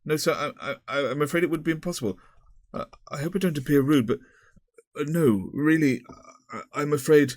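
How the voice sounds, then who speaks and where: A man's voice: fairly high pitch, normal speed, dry recording, studio quality, voice pushed up, natural voice. A man voicing a polite, awkward young schoolmaster who stammers. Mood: flustered.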